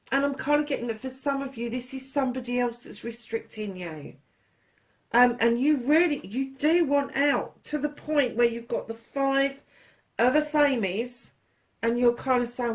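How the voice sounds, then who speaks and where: Woman doing a tarot reading, kinda high voice, blunt, swears a lot, calls you darling. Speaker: tarot reader. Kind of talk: casual tarot reading monologue.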